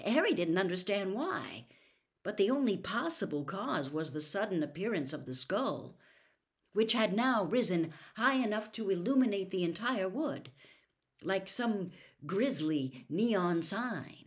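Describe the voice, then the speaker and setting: A woman's voice: medium pitch, lively intonation, measured pace. A woman reading a novel aloud expressively as a storyteller.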